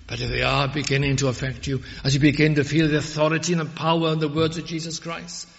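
A man preaching a sermon, fervent and emphatic, rising to loud peaks when he quotes scripture. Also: a little high, little pitch movement, fast talker, creaky. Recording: muffled audio with long hall reverb.

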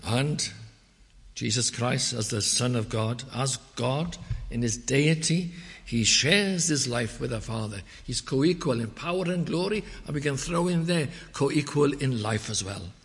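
A man preaching a measured expository sermon, quoting scripture in old English wording. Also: mid-range voice, expressive. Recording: long reverb of a church hall.

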